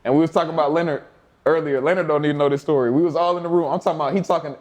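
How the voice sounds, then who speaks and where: A man's voice: a little high, fairly even intonation, rapid-fire. A young man telling laid-back, profane stories as an interview guest, often laughing and acting out his coaches' voices. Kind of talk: casual storytelling.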